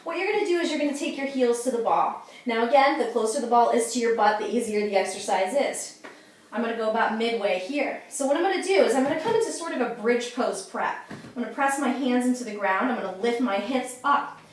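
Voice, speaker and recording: Breathless high-voiced woman fitness instructor. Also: fast. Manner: upbeat, coaching, says "okay?" and "you guys" often. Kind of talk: exercise demonstration. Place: at home. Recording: echoey room from far off.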